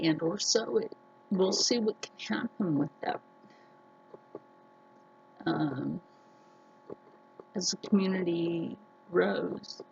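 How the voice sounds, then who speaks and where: A woman vlogger talking earnestly to her viewers, telling personal stories slowly with many restarts. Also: fairly low pitch, creaky, a little mellow, muffled recording, slight background noise. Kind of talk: casual personal talk to camera.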